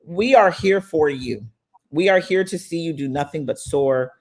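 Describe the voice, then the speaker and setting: Animated, affectionate woman hosting a live summit. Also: sits low, normal speed. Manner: animated, affectionate, motivational, calls listeners "baby" and "y'all". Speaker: summit host. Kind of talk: casual live-stream chat.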